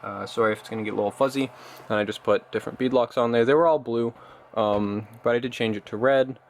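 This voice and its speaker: A man's voice: mid-range voice, quick pace, creaky. Man, casual hobby vlog, rambling and eager, lots of fillers, faint hiss behind. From Canada. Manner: loose and rambling, many ums and uhs, enthusiastic about his gear. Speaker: RC car hobbyist vlogger. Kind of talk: casual show-and-tell vlog.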